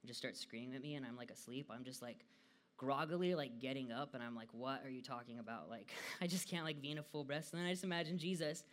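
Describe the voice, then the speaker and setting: A young man from the United States with a medium-pitched, fairly bright voice talks fast through a casual devotional talk. He is chatty, laughs often and keeps dropping "like" as a filler.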